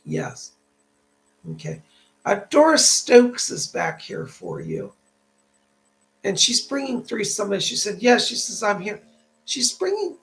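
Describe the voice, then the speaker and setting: A man's voice: sits high, huge pitch swings, unhurried, creaky, pauses often, fairly bright tone, low-quality recording. A man working as a psychic medium, hosting a live stream. He chats with viewers, thanks them for donations and passes on spirit messages in a reassuring tone.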